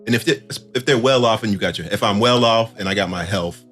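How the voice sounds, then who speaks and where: A man's voice: lowish voice, fast talker, fairly bright tone, faint music behind. A young man hosting a podcast, chatting in a laid-back way and filling his talk with "like" and "you know what I'm saying". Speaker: podcast host. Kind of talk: casual chat.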